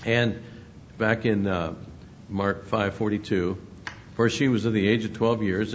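Male preacher, lowish voice, emphatic sermon delivery, lo-fi recording. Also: measured pace. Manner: reads scripture aloud with emphatic rises, chuckles between points. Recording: muffled lo-fi recording with faint rumble.

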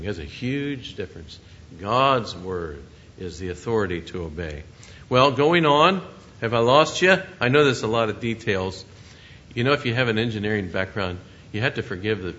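A man's voice: mid-range voice, a bit bright, dull audio. A man preaching a sermon in an earnest, conversational way, often asking his listeners questions.

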